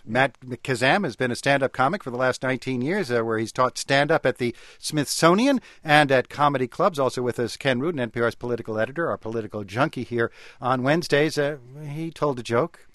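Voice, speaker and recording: A man's voice: mid-range voice, brisk, fairly bright tone, no echo, clean studio sound. A man hosting a call-in radio show, easygoing and laughing along with his guests. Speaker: radio talk show host.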